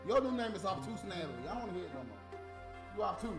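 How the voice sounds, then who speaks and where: Man ranting on a livestream, high voice, swooping pitch, echoey room, loud music behind. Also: very animated, racing. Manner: profane, mocking, mimics high squeaky voices. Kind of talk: casual livestream rant.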